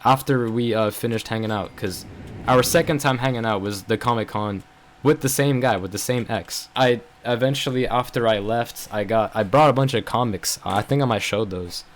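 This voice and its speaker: A young adult man rambles through a story in a casual vlog, venting his frustration and filling it with "bro" and "like." His voice is medium-pitched at normal speed, with slight background noise.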